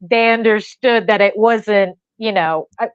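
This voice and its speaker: A woman on a podcast, casually telling a story in an animated way and acting out the voices of the people she quotes. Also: mid-range voice, a little slow, lo-fi sound.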